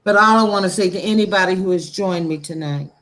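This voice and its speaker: A woman's voice: on the low side, fairly bright tone. A woman speaking about faith on a talk show in a heartfelt, preachy way, salted with blunt profanity. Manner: impassioned, preachy, frank with profanity; slow, deliberate delivery.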